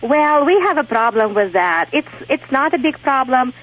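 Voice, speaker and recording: A woman's voice: sits high, expressive, moderate pace. Woman calling in by phone. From Russia. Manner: chatty, laughing easily. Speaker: caller. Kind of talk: radio call-in chat. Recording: tinny phone line.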